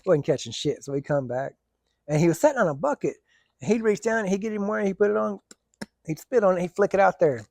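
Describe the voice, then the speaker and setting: A man's voice: high voice, lively intonation, quick pace, vocal fry, a little mellow, no echo. A man telling rambling, colloquial stories in a casual vlog and laughing often. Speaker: vlogger. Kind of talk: casual storytelling.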